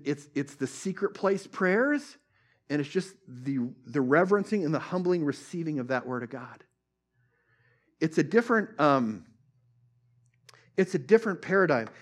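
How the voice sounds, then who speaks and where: A man's voice: a little high, lively intonation, moderate pace, long pauses. A man preaching a sermon in an earnest, conversational way, with restarts and quoted scripture. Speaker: pastor.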